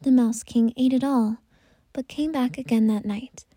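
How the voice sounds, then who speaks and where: A woman tells a bedtime story in a gentle, unhurried voice that often drops to a whisper. Her tone is deeply mellow and breathy, and pitched a little high. The sound is close and dry. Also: fairly even intonation, dry recording.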